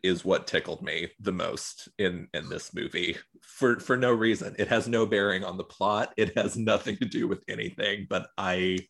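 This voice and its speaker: A man co-hosting a podcast, talking through a film review in a measured way and often repeating words as he thinks. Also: low voice, steady tone, vocal fry, fairly bright tone. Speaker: podcast co-host. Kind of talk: casual film review chat.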